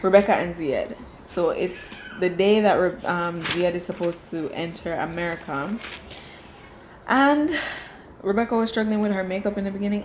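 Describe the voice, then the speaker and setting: A woman's voice: fairly low pitch, normal speed, slight background noise, poor audio. A woman reviewing a reality show from home, talking casually and firing off exasperated rhetorical questions. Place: home room.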